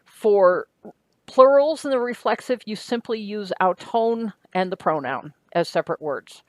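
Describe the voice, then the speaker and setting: A woman's voice: mid-range voice, expressive, unhurried, dry recording. A woman giving a recorded grammar lecture, explaining step by step, asking "right?" now and then and correcting herself as she goes. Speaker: Greek grammar teacher.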